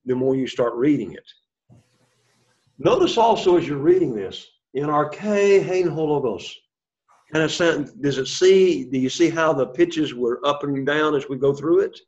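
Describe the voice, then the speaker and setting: A man's voice: mid-range voice, expressive, moderate pace. A man teaching a classroom lesson, explaining step by step, quizzing the class and encouraging them. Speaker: Greek teacher. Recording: dull lo-fi sound.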